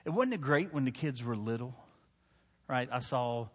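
A man in his thirties preaching a sermon, telling a family story in a relaxed, joking way and often checking in with the crowd. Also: medium pitch, moderate pace. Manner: conversational, joking, asks the crowd "right?". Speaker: pastor. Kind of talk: sermon with personal stories. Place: church hall. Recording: long hall reverb.

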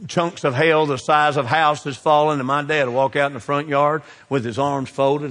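Pastor preaching in a hall. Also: male voice, on the high side, steady tone, normal speed, few pauses. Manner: swings between loud exhortation and hushed asides. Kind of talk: sermon.

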